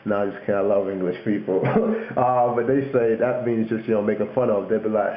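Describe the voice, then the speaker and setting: Speaking fairly quickly with few pauses, in a lowish voice and fairly even intonation, a young YouTuber casually explains slang on his video blog. He jokes, laughs, and mimics London voices for examples, over echoey, tinny lo-fi webcam audio.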